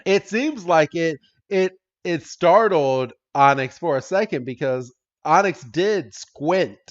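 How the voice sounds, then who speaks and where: Male podcast co-host, casual and rambling, swears freely, fairly high pitch, dull lo-fi mic. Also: animated, slow. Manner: rambling, swears, laughs often, quotes characters in voices. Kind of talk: casual episode recap.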